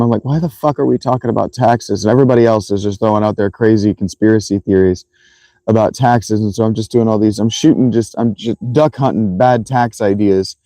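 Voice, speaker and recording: A man hosting a casual livestream, telling a rambling, profane, animated story to his viewers. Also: on the low side, no echo, rough recording. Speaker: livestream host.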